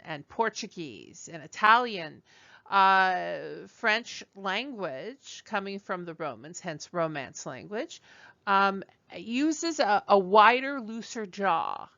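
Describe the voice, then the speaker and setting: A woman teaching a French class, slow and patient, modeling sounds for students to repeat. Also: mid-range voice, sharp tone, dry recording, dull audio. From United States. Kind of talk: classroom lesson.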